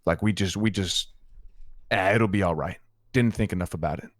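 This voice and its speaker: A man stays in character as a roleplay gang member, angrily recounting events to a friend with plenty of swearing. He has a low-pitched voice at a moderate pace, captured cleanly in a studio with no room sound.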